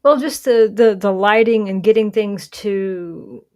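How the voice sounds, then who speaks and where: A woman hosts a casual gaming stream in a mid-pitched voice. She rambles, restarts her sentences and laughs easily as she chats with friends. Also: unhurried, darkish tone. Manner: rambling, self-correcting, laughs often. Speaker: streamer host.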